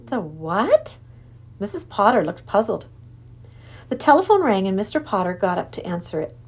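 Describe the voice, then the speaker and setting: A woman reading a children's storybook aloud with plenty of expression. Her voice rises and falls a lot, and she keeps the telling lively. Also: mid-range voice, fairly quick, husky. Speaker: narrator.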